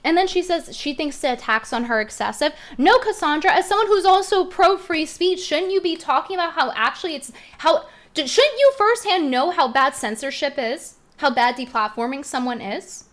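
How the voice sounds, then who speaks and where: A young woman streamer speaks in a high, bright voice, worked up and indignant. She fires off rhetorical questions and circles back to the same points again and again, her delivery clearly heated. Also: expressive, moderate pace, few pauses. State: upset, heated. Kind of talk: heated commentary rant.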